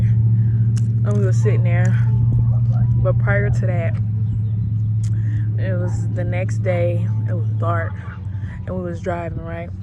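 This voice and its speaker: A woman vlogger tells a story in a chatty, unhurried way, full of slang. She talks casually to her viewers. Loud outdoor and traffic noise sits clearly behind her voice. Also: fairly low pitch, dull audio. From Alabama, US South. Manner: laid-back, slangy and chatty. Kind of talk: storytelling vlog.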